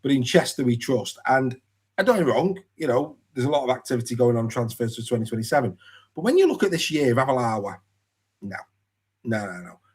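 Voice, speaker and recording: A man's voice: medium pitch, very animated, fairly quick, a little mellow, slightly rough. Rambling male podcast host. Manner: rambling, with many restarts and fillers. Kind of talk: casual sports chat.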